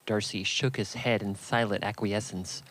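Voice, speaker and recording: A man reading a classic novel aloud in a steady, measured narration. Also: lowish voice, no echo, rough recording. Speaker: audiobook reader.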